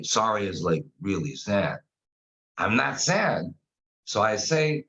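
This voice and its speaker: Man, animated storyteller, casual guest chat, muffled sound. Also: fairly low pitch, unhurried. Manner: animated storyteller, acts out quotes. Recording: dull lo-fi sound.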